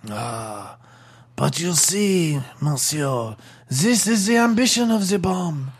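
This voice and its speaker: A zealous living bomb with a thick put-on French accent, proclaiming its fiery destiny , as a man acts it out. The voice sits high and swings widely, slow and drawn out, with a husky, gravelly edge. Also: animated, full character voice. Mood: zealous, dreamy. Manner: theatrical, declaiming, laughing. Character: fanatical talking bomb with a French accent, grandiose.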